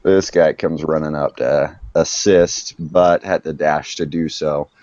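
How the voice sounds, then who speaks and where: A man narrating as game master of a tabletop game, halting and searching for words, laughing easily. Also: extremely low pitch, fairly even intonation, darkish tone. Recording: dull, muffled, dry sound.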